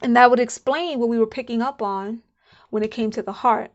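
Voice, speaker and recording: A woman's voice: fairly high pitch, brisk, muffled recording. A woman giving a casual channeled spiritual card reading, musing aloud and repeating herself. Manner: chatty, musing, repeats herself, laughs now and then.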